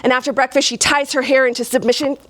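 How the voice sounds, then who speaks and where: A woman tells a folksy fairy tale live before an audience, playful and quick to chuckle. Her voice sits a bit high, and she drops in asides to the crowd. The sound is dry and close. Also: steady tone, no room sound. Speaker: storyteller. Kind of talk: live oral storytelling.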